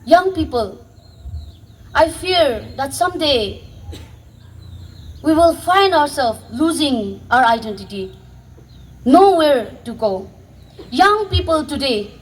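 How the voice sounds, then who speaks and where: In a very high voice and without hurrying, a woman vlogger from Northeast India passionately urges young viewers, restarting here and there. The audio quality is rough.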